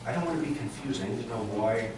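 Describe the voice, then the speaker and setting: A man's voice: medium pitch, fast talker. A man coaching a chorus rehearsal, often singing phrases to show how they should go. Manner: sings phrases to demonstrate, many restarts. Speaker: vocal coach. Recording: echoey room, mic far off, background noise.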